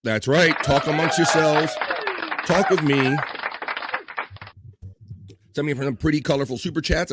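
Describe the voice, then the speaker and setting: An upbeat live-stream host with an ordinary male pitch works through viewer comments in a relaxed, chatty way, on a very noisy recording. He teases and jokes easily in banter with the chat and his co-host.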